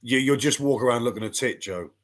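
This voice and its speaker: A man's voice: mid-range voice, fast talker. A middle-aged man, a boxing pundit ranting bluntly and swearing freely in casual panel chat.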